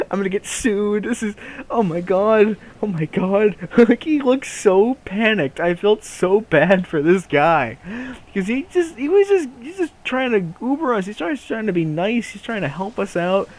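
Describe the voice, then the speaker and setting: A young man hosting a casual chat, recounting a mishap with lots of laughter and loose fillers. His voice sits a little high and his pitch jumps around in a lively, animated way. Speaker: podcast co-host. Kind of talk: casual storytelling.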